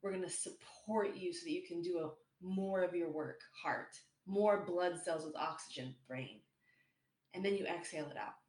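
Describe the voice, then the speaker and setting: A woman leads a breathing exercise in a calm, instructive voice. Her tone is patient and steady. The recording carries a roomy echo. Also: lowish voice, moderate pace. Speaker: meditation guide.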